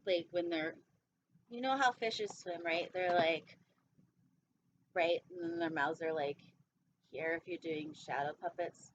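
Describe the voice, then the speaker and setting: A woman's voice: fairly low pitch, unhurried, long pauses. A young woman hosting storytime, reading a children's picture book aloud with playful, chatty asides. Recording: dull lo-fi sound with faint noise.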